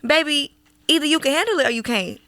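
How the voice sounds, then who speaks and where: A young woman in her twenties co-hosts a casual podcast, blunt and lively as she acts out what friends would say. Her voice sits a little high and sounds bright. The recording is dry. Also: fast, no echo. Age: 20s. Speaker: podcast co-host. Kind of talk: casual chat.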